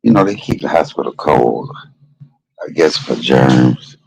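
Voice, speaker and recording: A man's voice: extremely low pitch, lively intonation, a little slow, gravelly, long pauses, darkish tone, husky, poor audio. A man hosting a casual livestream from a hospital room, joking and loose with some profanity. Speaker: livestream host.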